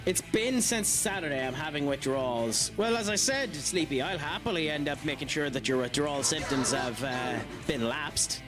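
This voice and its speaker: A man's voice: on the high side, lively intonation, moderate pace, hardly any pauses. A man with an Irish accent streaming a video game live, chatting and joking with viewers between fights. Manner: chatty and jokey, with many fillers. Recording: game music behind voice. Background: game music.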